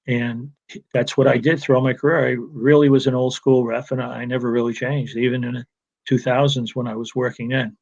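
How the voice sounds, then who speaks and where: A man's voice: medium pitch, flat delivery, brisk, a little mellow. A man spins long anecdotes in a casual, chatty way, doubling back and restarting his sentences and laughing now and then. His voice sits in an ordinary middle register and comes through a muffled, lo-fi connection. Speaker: retired wrestling referee, guest. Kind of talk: casual storytelling interview.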